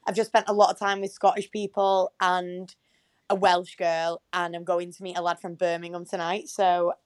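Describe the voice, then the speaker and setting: A woman's voice: on the low side, little pitch movement, normal speed, smooth. A young woman co-hosting a podcast in casual chat, blunt and teasing, with frequent swearing. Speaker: podcast co-host.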